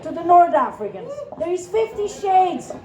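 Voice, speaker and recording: A woman's voice: very high-pitched, big pitch swings, moderate pace, dark tone. An Italian-accented woman from Italy performing a stand-up comedy set, brash and profane, with a self-mocking edge. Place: large indoor room, live venue. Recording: echoey room with live crowd.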